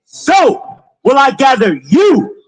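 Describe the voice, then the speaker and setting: A man's voice: very high-pitched, wildly swooping pitch, slow pace, poor audio. A man reading scripture aloud in short phrases on a preacher's cue, repeating lines when asked.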